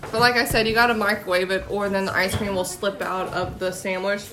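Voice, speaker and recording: A woman's voice: mid-range voice, level tone, brisk. A young woman hosting a casual podcast, chatting and explaining things step by step. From United States. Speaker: podcast host. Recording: noisy amateur recording.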